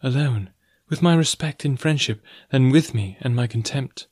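A man reading the part of a proud, dignified young woman who speaks in a formal, measured and cool way. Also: medium pitch, darkish tone, husky, dry recording, clean studio sound, pitched above the performer's own voice, lightly acted.

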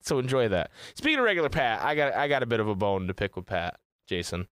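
A man's voice: medium pitch, very animated, fast talker, fairly bright tone, clear, resonant tone, no room sound, clean studio sound. Laid-back rambling man podcasting. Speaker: podcast co-host. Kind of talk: casual podcast chat.

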